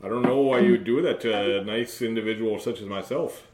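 A man's voice: on the low side, brisk, a little mellow, lightly acted. A man voicing a damaged male robot who complains mildly and politely. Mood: aggrieved. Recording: roomy echo, faint noise.

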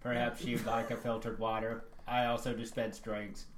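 A man's voice: mid-range voice, little pitch movement, normal speed, echoey room, noisy background, close to an everyday voice. A man playing a polite, dry android bartender in live improv comedy.

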